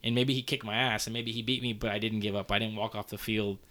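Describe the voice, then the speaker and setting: A man in his thirties talks fast in casual conversation, rambling and heartfelt, with lots of fillers and some swearing. His voice is fairly low with a flat delivery that sounds pushed and bright.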